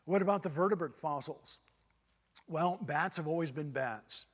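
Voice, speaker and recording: A man's voice: fairly high pitch, moderate pace. A man from Texas giving a church seminar lecture in a folksy way, repeating his points for emphasis. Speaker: seminar speaker. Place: church hall. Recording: long hall reverb.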